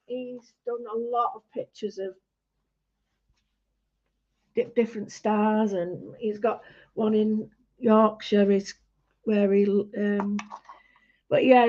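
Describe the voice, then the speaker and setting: A woman giving a casual painting demonstration, chatty and halting with many fillers as she talks through each step. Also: medium pitch, mellow. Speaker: art tutorial host. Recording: dull lo-fi home recording.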